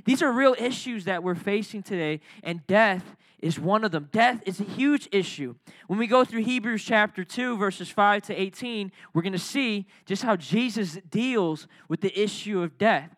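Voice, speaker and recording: High bright-voiced young male youth preacher. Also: moderate pace, no echo, clean studio sound. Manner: energetic, joking, talks with the crowd. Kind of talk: casual youth sermon.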